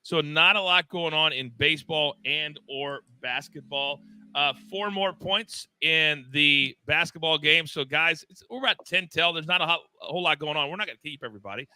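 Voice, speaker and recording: A man hosting a live sports betting show, talking in an excitable, loud, self-deprecating way. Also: on the high side, normal speed, clean tone, no room sound. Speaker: host.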